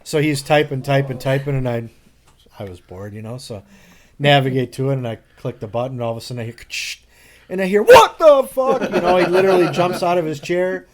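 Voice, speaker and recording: A Wisconsin man co-hosting a casual podcast, telling a prank story to his friends. His voice sits at an ordinary middle pitch for a man. He tells it in an animated way and jumps into other people's lines with laughter. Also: fast. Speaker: podcast co-host.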